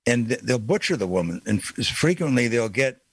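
A man's voice: medium pitch, big pitch swings, normal speed, slightly rough, no room sound. A man hosting a call-in radio talk show, speaking emphatically and repeating his key phrases for weight.

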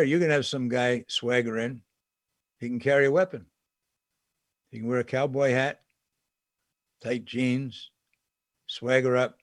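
A man's voice: medium pitch, no room sound, studio quality. A man giving conversational political commentary, indignant and emphatic, with sarcastic asides.

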